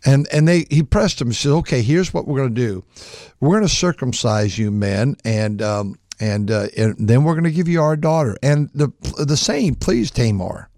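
A man's voice: normal speed, darkish tone, no room sound, clean studio sound. Older man preaching in a folksy way. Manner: folksy storytelling with frequent restarts; acts out quoted voices in a higher pitch. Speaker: pastor. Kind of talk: sermon.

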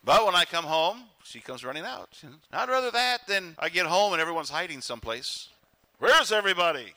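A man preaching a sermon as pastor in church, animated and acting out quoted voices. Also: a little high, brisk.

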